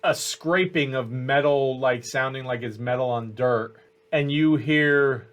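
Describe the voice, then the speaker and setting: A man narrating as game master of a tabletop game, in a halting way with many fillers. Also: mid-range voice, a bit bright.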